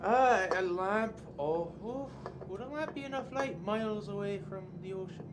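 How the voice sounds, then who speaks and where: A man playing a tabletop game, excitable and quick to get indignant, going squeaky when worked up. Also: music in the background. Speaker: player. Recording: noisy room.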